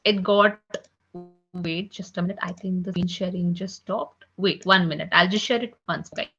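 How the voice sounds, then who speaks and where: A woman's voice: lowish voice, steady tone, normal speed, fairly bright tone, husky. A woman teaching French in an online class, saying each sound several times and checking with "okay?" after nearly every line. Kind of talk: slow spelled-out pronunciation lesson. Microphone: computer mic on a video call. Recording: slightly dull, muffled online class audio.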